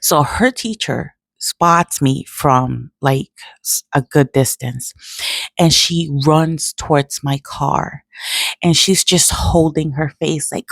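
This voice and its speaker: A middle-aged woman vlogger telling a personal story in a casual, emotional, animated way. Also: on the low side, slow pace, dry recording, clean studio sound. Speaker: nail artist vlogger.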